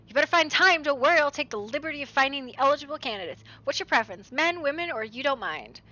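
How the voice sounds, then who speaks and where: A woman's voice: high-pitched, expressive, quick pace, bright, forceful tone, muffled recording. A woman reading aloud as a bossy middle-aged royal mother from a game, pushing her child to marry. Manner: overbearing, matchmaking.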